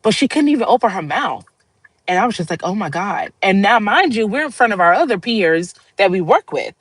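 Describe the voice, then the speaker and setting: A woman talks straight to her livestream viewers, earnest and a little rambling, with frequent laughs. Her voice sits at a middling pitch for a woman. The sound is dry and close, with no room echo. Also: big pitch swings, a little fast, breathy edge. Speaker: livestream host. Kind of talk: casual heartfelt monologue.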